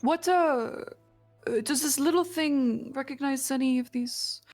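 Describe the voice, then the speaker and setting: A woman's voice: sits high, slow pace, darkish tone, faint music behind. A woman playing a tabletop game, talking eagerly and coaxing. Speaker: player. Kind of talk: casual tabletop play chat.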